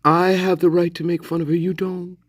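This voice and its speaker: A man's voice: high-pitched, flat delivery, brisk, no echo, clean studio sound, voice pushed up. A man voicing a goofy, rambling male viewer who stammers with many uhs. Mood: teasing, joking.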